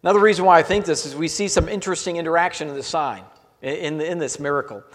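High-voiced preacher in a reverberant hall. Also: male voice, fast. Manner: earnest, with phrases that trail off softly at the ends. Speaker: pastor. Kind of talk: sermon.

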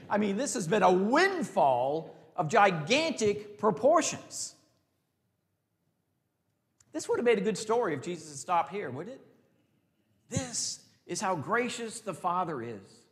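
A man preaching a sermon. He swings between loud emphasis and hushed, drawn-out phrases, and leads the congregation in call-and-response. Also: high-pitched, big-room sound. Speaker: pastor.

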